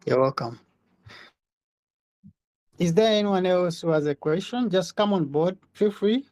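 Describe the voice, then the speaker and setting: A man's voice: high-pitched, lively intonation, measured pace, darkish tone, no echo. A man hosting a podcast discussion, explaining his point earnestly over an online call, often restarting words as he goes. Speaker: podcast host. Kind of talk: casual discussion.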